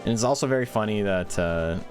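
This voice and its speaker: Low-voiced guy casting a monster game tourney, quick chatty play-by-play, faint music under it. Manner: rapid, chatty, answers chat questions. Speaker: tournament commentator and streamer. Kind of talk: casual play-by-play commentary.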